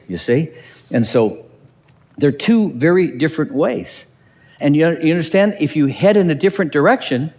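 A man preaching in a large hall with a long echo, his voice sitting a little high. He swings widely up and down in pitch, acts out quotes and slips in dry humor. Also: a little mellow. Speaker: pastor. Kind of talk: sermon.

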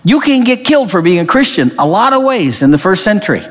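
Animated preaching man in a reverberant hall. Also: high voice, fast talker. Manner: animated, emphatic preaching with frequent restarts. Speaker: pastor. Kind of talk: sermon.

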